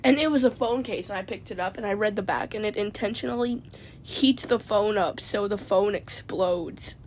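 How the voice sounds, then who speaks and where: Sitting in a parked car, a woman with a medium-pitched voice tells a rambling story at a moderate pace. She stammers and keeps adding "man."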